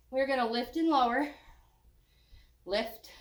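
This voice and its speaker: A woman's voice: high voice, roomy sound. An older woman leading a walking workout. She is out of breath, jokes, and sighs between her encouraging cues. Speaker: fitness instructor.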